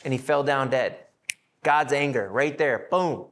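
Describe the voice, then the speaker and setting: A man's voice: normal speed, fairly bright tone, a little hiss or hum. A man teaching a Bible study to a live group, acting out the people in his stories with shifts in his voice. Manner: acts out quoted voices with shifts in pitch.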